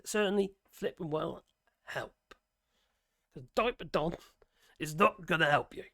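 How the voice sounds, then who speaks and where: A man's voice: high voice, gravelly, fairly bright tone, no echo, clean studio sound. A man with a Norfolk accent and strained, worn vocal cords, ranting to camera in a casual vlog, swearing and giggling as he goes. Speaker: vlogger. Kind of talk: casual opinion rant to camera.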